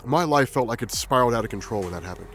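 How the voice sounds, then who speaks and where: A man quietly telling a personal story in a halting, reflective way. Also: mid-range voice, lively intonation, soft background music. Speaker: vlogger.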